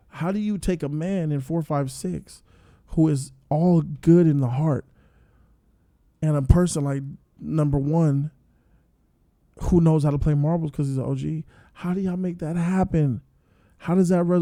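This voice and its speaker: A man giving a casual, animated review and retelling a story in loose slang. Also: on the high side, dry recording, studio quality.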